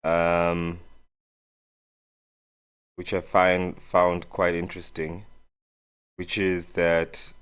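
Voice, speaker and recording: Male co-host, South African accent, deep, measured and hesitant. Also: monotone, fairly bright tone, smooth. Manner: measured, hesitant, reads out search results. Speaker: podcast co-host. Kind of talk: casual discussion.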